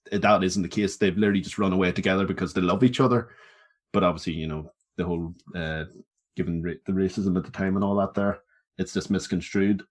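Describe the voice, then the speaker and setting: A man co-hosting a movie podcast, chatting in a laid-back way, swearing and laughing easily. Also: deep voice. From Northern Ireland. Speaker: podcast co-host. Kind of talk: casual chat.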